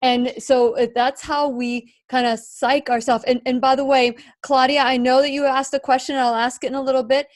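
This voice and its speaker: A woman's voice: high voice, level tone, normal speed, hardly any pauses. A middle-aged woman hosting a radio interview, speaking earnestly and affirming her guest. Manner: earnest, affirming, with small restarts. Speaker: radio show host.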